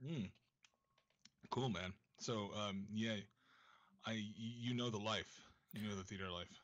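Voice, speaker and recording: Man guest, casual chat, lowish voice, easygoing, halting, dull lo-fi mic. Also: fairly bright tone. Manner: easygoing, laughs often, halting.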